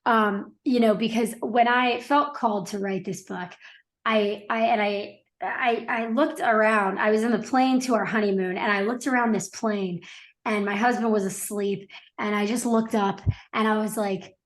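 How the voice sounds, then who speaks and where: A woman's voice: fairly high pitch, fairly even intonation, normal speed. A middle-aged woman guest on a podcast, telling her story in an earnest, reflective way with frequent restarts. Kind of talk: casual interview conversation.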